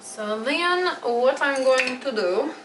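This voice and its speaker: Woman, 20s, from Metro Detroit; relaxed rambling kitchen vlog, filler-heavy, roomy echo. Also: high-pitched, slow pace, background noise. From Metro Detroit, USA. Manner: chatty, rambling with many "like" fillers. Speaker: vlogger. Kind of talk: casual chat while baking. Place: home kitchen.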